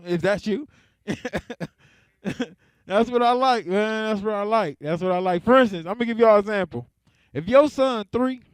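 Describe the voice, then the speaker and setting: A man's voice: sits high, smooth, dry recording. A young adult man performing stand-up comedy. He talks in a laid-back way and keeps laughing at his own jokes.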